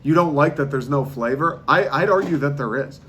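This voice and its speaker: A man's voice: a little high, brisk, a bit bright, slight background noise. A man hosting a podcast, delivering a casual comedic monologue with incredulous ranting, slang and swearing. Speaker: podcast host.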